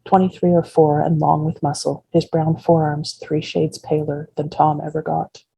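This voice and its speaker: Author reading her novel aloud; husky, dark, measured woman's voice. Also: low-pitched, flat delivery, no echo, poor audio. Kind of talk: first-person fiction reading.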